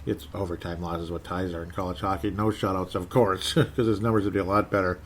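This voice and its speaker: Male host, lowish voice, loose rambling solo commentary, laughs at himself, slight room hum. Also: fairly even intonation, a little fast. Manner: rambling, self-correcting, chuckles often. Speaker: hockey podcast host. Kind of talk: solo casual commentary on team prospects.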